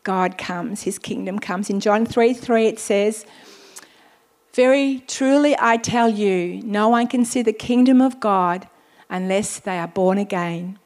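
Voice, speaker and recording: A woman pastor preaching a sermon, reading scripture slowly and deliberately, with exclamations of praise between points. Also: mid-range voice, darkish tone.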